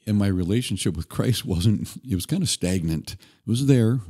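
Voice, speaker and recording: Deep-voiced man telling a story. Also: moderate pace, hardly any pauses, slightly rough. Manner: earnest, relaxed anecdotal delivery with occasional restarts. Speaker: podcast guest. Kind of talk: conversational storytelling.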